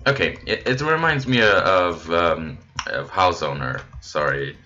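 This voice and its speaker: A man giving casual, rambling gameplay commentary as host of his channel, easily excited and chatting to his viewers. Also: low-pitched, measured pace, lo-fi sound.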